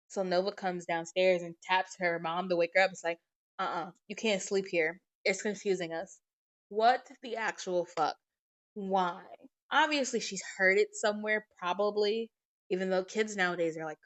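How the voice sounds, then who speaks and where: A woman hosting a podcast, telling family stories in a casual, animated way and swearing freely. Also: fairly low pitch. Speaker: podcast host. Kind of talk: casual storytelling monologue. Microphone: podcast microphone.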